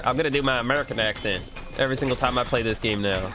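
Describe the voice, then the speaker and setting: A man's voice: medium pitch, fairly even intonation, very fast, few pauses, music in the background. A man streaming a video game, chatting casually, cursing now and then, and reading the game's prompts aloud. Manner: laid-back, swears, reads game prompts aloud. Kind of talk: casual gameplay commentary.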